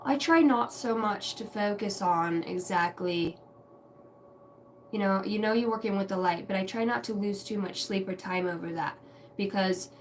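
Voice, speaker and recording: A woman hosts an intuitive reading livestream, drifting from thought to thought in a reflective, chatty way with the odd curse word. She sits some distance from the mic. A faint hum of background noise lingers under her voice. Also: mid-range voice. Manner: meandering, reflective, casually profane. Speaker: tarot and intuitive reader.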